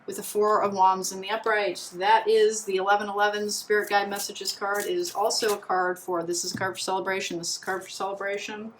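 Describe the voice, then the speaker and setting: A woman's voice: medium pitch, flat delivery, a little fast, hardly any pauses, slight background noise, low-quality recording. A woman doing a pick-a-card tarot reading in a chatty, meandering way, full of restarts and fillers. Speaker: tarot reader.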